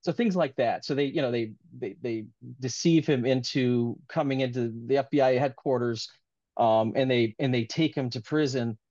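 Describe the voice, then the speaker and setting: A man of middle pitch talks earnestly and at length in a casual interview, circling back on his thoughts with heartfelt warmth. The audio is dull and lo-fi. The room is dry and close. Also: normal speed, no room sound. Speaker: author being interviewed.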